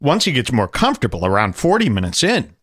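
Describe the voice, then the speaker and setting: A man hosting a casual commentary show in a mocking way, often breaking into high impressions. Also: wildly swooping pitch, quick pace, fairly bright tone. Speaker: host.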